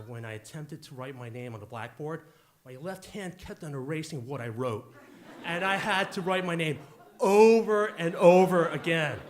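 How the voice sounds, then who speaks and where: Man, 40s, fairly high voice, wisecracking live storyteller on a stage mic. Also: a bit bright. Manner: jokey, punchy, wisecracking.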